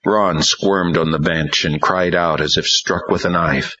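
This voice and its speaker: Deep husky male narrator, slow dramatic audiobook read, dull lo-fi audio. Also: steady tone, pushed and bright. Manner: dramatic storytelling. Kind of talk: scripted narration. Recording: dull lo-fi recording.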